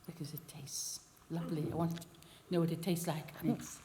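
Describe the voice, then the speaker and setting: Lady volunteer as a sheepish wife, low quiet voice, far off, crowd around. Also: little pitch movement, fairly quick, close to an everyday voice. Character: village wife caught eating. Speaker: audience volunteer. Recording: far from mic, audience noise.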